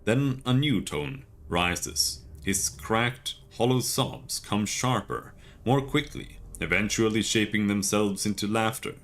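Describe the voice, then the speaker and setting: A man streaming a video game, reading its text aloud in a steady, measured way with casual asides. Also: fairly low pitch.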